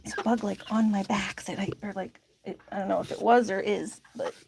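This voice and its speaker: A woman's voice: mid-range voice, fairly even intonation, a little fast, gravelly, noisy background. A young woman chatting casually in a chicken coop, laughing often and cooing at her birds. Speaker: vlogger tending chickens. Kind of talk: casual chat. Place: backyard chicken coop at night. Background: chickens clucking.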